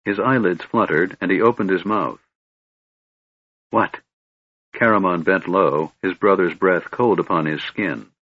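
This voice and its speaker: A man narrating a fantasy audiobook in a steady, measured storytelling manner, with a husky voice. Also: deep voice, no room sound, narrow, tinny audio. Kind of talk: scripted narration.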